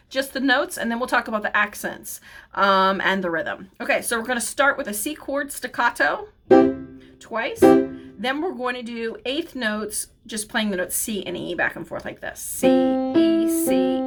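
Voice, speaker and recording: A woman piano teacher giving a chatty, upbeat online lesson and counting beats aloud as she plays. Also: medium pitch. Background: piano playing.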